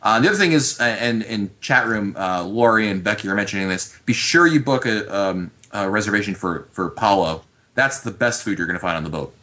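A man's voice: lowish voice, lively intonation, a little fast, pushed and bright. A man hosting a casual call-in podcast, chatty and laughing often, with many restarts. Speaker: podcast host.

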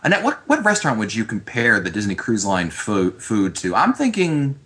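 A man's voice: lowish voice, wildly swooping pitch, moderate pace, fairly bright tone. A man hosting a casual call-in podcast, chatty and laughing often, with many restarts. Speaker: podcast host.

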